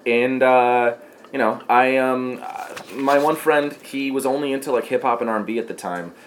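A man's voice: mid-range voice, normal speed, a little hiss or hum. A man in his thirties chatting casually as a podcast guest, rambling with many fillers and frequent swearing. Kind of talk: casual chat.

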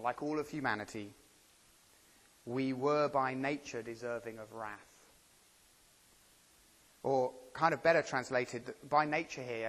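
A man preaching to a congregation, his voice gravelly with a bit of fry. He talks in a chatty way and keeps asking the room questions. A long reverb hangs behind him in a church hall. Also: mid-range voice, a bit bright. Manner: conversational preaching with rhetorical questions. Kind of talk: sermon.

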